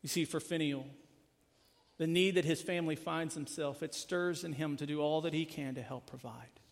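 A man preaching a sermon as pastor, earnest, rising in force and then dropping to a hushed close. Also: a little high, normal speed, gravelly. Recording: long hall reverb.

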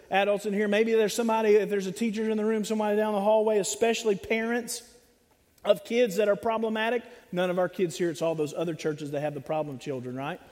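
Preacher, male, high voice, animated and joking, sermon delivery, long church reverb. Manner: animated, humorous, acts out voices of others. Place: church sanctuary.

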